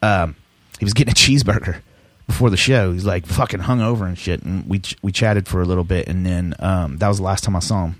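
A man's voice: low voice, quick pace, dry recording. A middle-aged man telling rambling, profane stories in casual chat, laughing as he goes. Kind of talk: casual storytelling.

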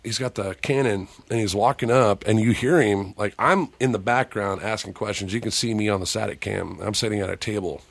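A man, a paranormal investigator, telling a story as a podcast guest in a loose, profane, animated way, acting out what people said. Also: on the low side, fairly quick, gravelly, few pauses, no room sound. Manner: profane, animated, acts out quoted dialogue.

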